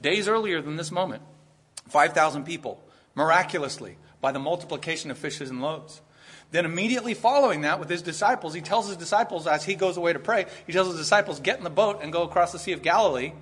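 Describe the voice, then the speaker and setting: A man's voice: fairly high pitch, a bit bright, slightly rough. A man preaching a sermon in an earnest, conversational way, rising to emphatic points. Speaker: pastor.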